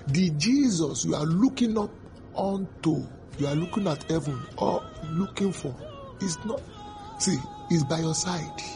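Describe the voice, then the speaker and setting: A man preaching a sermon, repeating his phrases and breaking into sudden loud outbursts. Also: fairly high pitch, expressive, unhurried, over music.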